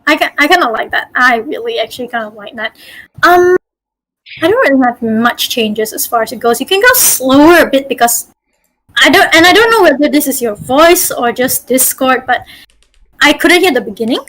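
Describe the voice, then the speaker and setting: High-voiced woman leading a voice workshop. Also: expressive, moderate pace, a bit bright, low-quality recording. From Malaysia. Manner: encouraging, chatty, with fillers. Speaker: game master leading a workshop. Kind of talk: voice acting lesson over a group call.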